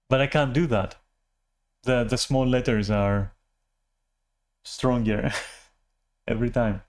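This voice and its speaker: A vlogger with a medium-pitched, darkish, steady voice takes his time, leaving long pauses. He rants casually at the camera in a self-deprecating, meandering way, cursing freely, often starting sentences over and leaning on filler words.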